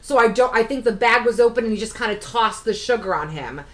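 A woman's voice: on the high side, lively intonation, fast talker. A woman co-hosting a casual chat show, rambling and reading a news story aloud with easy laughter. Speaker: co-host.

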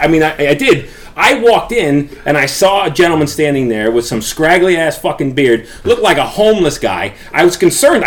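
Animated, high-voiced joking podcast host. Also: male voice. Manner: rambling, profane, joking storyteller. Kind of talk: crude comedy podcast banter. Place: podcast recording room.

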